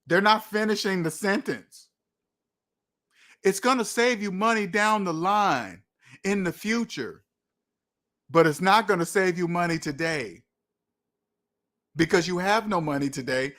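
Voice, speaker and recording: A man's voice: sits high, lively intonation, a bit bright. Emphatic man hosting a live chat. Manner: emphatic, slows down to stress points, laughs. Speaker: livestream host. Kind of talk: live chat reading comments.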